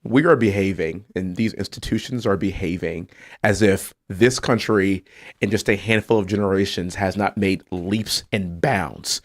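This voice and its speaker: A man's voice: low voice, moderate pace. A man, a congressman guest, making emphatic points. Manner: emphatic, animated storytelling. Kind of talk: political talk show discussion.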